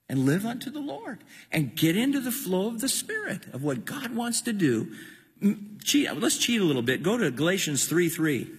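Male preacher, husky voice with a lot of rasp, lively and rising pitch, sermon in an echoing hall with long reverb. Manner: impassioned, emphatic preaching with repeated words.

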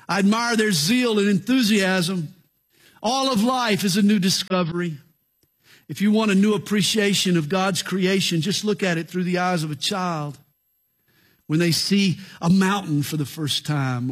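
A middle-aged male pastor delivering a sermon in earnest, emphatic phrasing, slowing down to tell stories. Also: sits high. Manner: earnest, slow emphatic phrasing with storytelling asides.

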